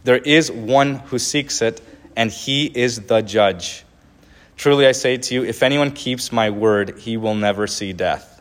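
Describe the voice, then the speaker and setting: A man's voice: medium pitch, measured pace. A man giving a sermon, reading scripture verses aloud with rising emphasis and then explaining them in a looser, conversational way. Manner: reads verses with rising emphasis, then comments with small laughs and restarts. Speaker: preacher.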